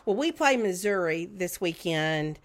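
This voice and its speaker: A woman's voice: on the low side, lively intonation, a little slow. A middle-aged woman co-hosting a podcast in casual chat, making wry, playful asides. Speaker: podcast co-host.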